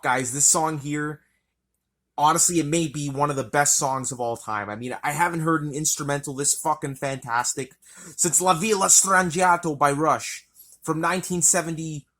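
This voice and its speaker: A man's voice: fairly high pitch, bright, forceful tone. Enthusiastic swearing male album reviewer. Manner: enthusiastic, rambling, swears often. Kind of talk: casual solo review.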